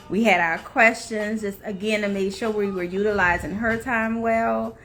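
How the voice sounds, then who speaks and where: A woman's voice: mid-range voice, steady tone, normal speed, few pauses, a bit bright, soft background music. A young adult woman hosting a casual livestream, chatting to viewers, laughing often and greeting them by name. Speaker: livestream host.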